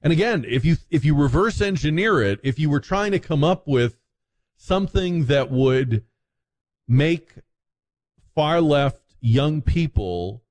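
A man's voice: medium pitch, a little mellow. A man hosting a talk radio show, delivering an opinionated, sarcastic monologue with frequent restarts.

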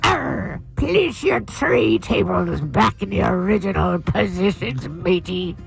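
A woman voicing a brash pirate flight attendant with a put-on Irish accent, making loud cabin announcements with growly pirate calls over jaunty music. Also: on the low side, lively intonation, slow, gravelly, pitched below the performer's own voice, full character voice. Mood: mock announcing.

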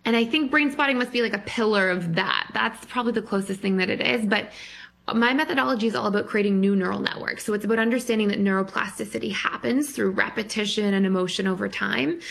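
Gravelly-voiced woman therapist explaining. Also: medium pitch, fast, a bit bright. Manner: explanatory, laughs easily. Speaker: guest therapist. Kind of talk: explaining on a radio call-in show.

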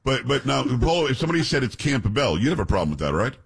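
Brief: middle-aged male talk-radio host, quick and lively delivery, slightly husky tone. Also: mid-range voice. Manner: fast, animated storytelling with comic voices. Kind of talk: casual talk radio banter.

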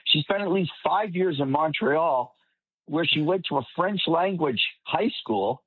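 A man's voice: on the high side, animated, measured pace, breathy edge, no echo. Long-winded male commentator on a tinny line. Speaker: political commentator guest. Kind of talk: panel commentary. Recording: tinny phone-like line, dry.

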